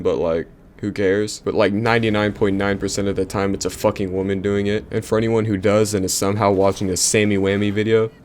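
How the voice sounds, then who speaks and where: Man, nasal voice, somewhat low, foul-mouthed comedic rant, heated delivery. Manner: foul-mouthed, heated, voice jumps up when riled. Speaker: channel host.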